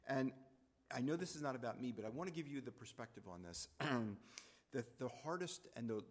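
A man telling a personal story in a reflective, halting way, repeating phrases as he goes. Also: medium pitch, expressive, long reverb tail.

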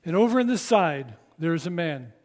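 A man preaching a sermon, telling the story slowly and dramatically in a reverberant church hall. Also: fairly high pitch, sing-song, darkish tone. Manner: dramatic storytelling, slow and emphatic.

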